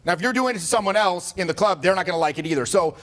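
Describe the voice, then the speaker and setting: Racing along in a high-pitched voice with lively intonation and a fairly bright tone, a social skills coach in his forties addresses a group. His talk is casual and jokey, peppered with swearing and acted-out quotes.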